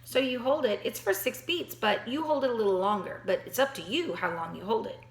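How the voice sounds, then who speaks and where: A woman's voice: on the high side, fairly quick. Encouraging woman teaching piano. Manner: encouraging, talks straight to the student; counts beats aloud and thinks aloud. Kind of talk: online piano lesson. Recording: roomy echo.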